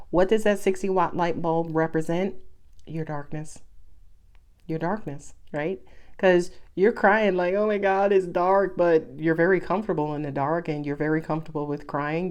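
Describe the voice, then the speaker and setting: A woman's voice: low-pitched, darkish tone. A woman giving a casual tarot reading to her viewers, talking bluntly and chattily and laughing often. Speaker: tarot reader.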